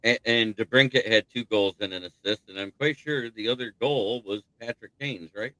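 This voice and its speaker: A man's voice: fairly low pitch, normal speed, pushed and bright, dry recording, poor audio. A man hosting a casual sports talk stream, rambling and thinking aloud as he goes. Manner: rambling, thinks aloud with restarts, laughs at rival team's troubles. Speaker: sports talk show host.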